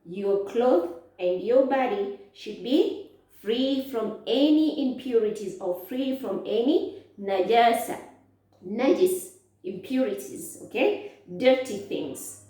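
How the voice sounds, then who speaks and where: A woman teaching a lesson to children, speaking slowly, asking questions and answering them herself. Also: fairly high pitch, animated, warm tone. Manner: slow, drawn-out, asks questions and answers them. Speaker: Islamic studies teacher. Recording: echoey, from far off.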